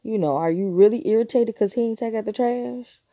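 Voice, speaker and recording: A woman's voice: a little high, fairly quick, warm tone, dry recording, highs cut off. A woman hosting a relationship advice podcast, talking frankly and teasingly in a casual monologue.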